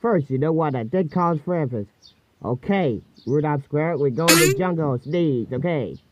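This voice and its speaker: A man rambling in a halting, jumbled way, voicing over a cartoon. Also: fairly high pitch, highs cut off, noisy background. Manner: jumbled, halting speech with many restarts.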